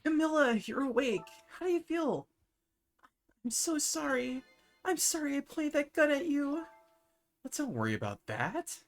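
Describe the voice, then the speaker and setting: A woman's voice: high voice, very animated, a little slow, soft background music, pitched above the performer's own voice, exaggerated voice. A woman voicing a caring, earnest young female detective in a video game, apologetic and tender.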